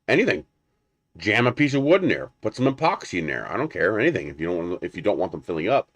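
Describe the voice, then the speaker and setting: A man's voice: sits low, sing-song, fairly quick, pauses often, fairly bright tone, no room sound. A man hosting a live stream, chatting casually and rambling as he unboxes a printer and answers viewers. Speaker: 3D printing livestream host.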